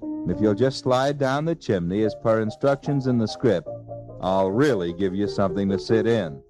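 A man's voice: fairly low pitch, normal speed, natural voice. A man voicing a laid-back little pig who wisecracks in jazz slang, over music from an old record. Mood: cool. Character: cool hip little pig, unbothered.

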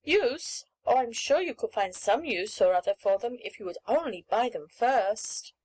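A woman voicing an eager little girl of about seven who pleads for pretty things, speaking high and excited. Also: moderate pace, poor audio.

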